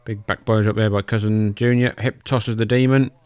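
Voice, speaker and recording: A man's voice: fairly low pitch, fairly even intonation, moderate pace, darkish tone, clean tone, no echo. A podcast host, a man, casually calling old wrestling matches in a loose, joking and profane way. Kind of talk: casual play-by-play commentary over old footage.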